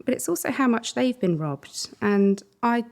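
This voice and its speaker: A middle-aged woman co-hosting a podcast, talking in an earnest, conversational way and laughing softly between thoughts. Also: fairly high pitch, lively intonation, moderate pace, vocal fry. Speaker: podcast co-host. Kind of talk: reflective podcast chat.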